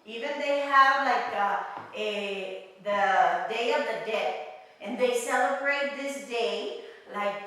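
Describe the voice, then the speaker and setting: A woman's voice: sits high, pushed and bright. A woman teaching a casual history lesson, patiently repeating phrases and restarting sentences as she explains. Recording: echoey room, far from the mic.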